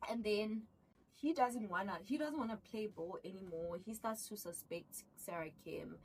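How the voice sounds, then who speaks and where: A woman vlogger recapping a TV series in casual chat with viewers, excitable, often repeating herself and stumbling over words. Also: lowish voice, recorded from a distance, a little hiss or hum, rough recording.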